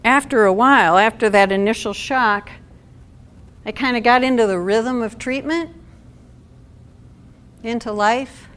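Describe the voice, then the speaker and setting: A woman's voice: a little high, unhurried, long pauses, fairly bright tone. A middle-aged woman giving a talk to an audience at a support event, conversational and asking the room questions.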